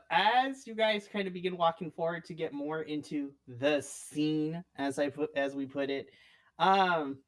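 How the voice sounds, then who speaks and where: A woman narrating as game master on a live stream, playful and quick to laugh. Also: deep voice. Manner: giggly, playful, often breaks into laughs.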